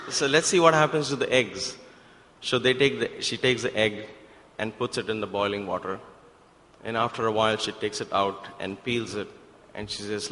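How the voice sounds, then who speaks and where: Bright-voiced man preaching in a hall. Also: on the low side, moderate pace, pauses often. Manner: animated, rhetorical questions, emphatic. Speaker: speaker at a spiritual center. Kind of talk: sermon-style parable talk. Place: devotional center hall. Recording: hall with long reverb.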